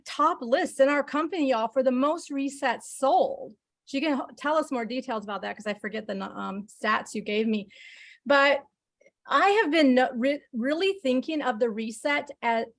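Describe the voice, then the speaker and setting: A woman introducing a guest on a business call in an excited, gushing way. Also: sits high. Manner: excited, gushing, says y'all. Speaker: call host introducing a speaker. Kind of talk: enthusiastic introduction.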